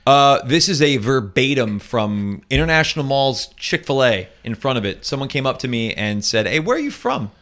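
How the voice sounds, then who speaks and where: A man from Florida telling a personal story in casual talk show chat, with quick asides. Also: medium pitch, a bit bright. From Florida, USA. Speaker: co-host.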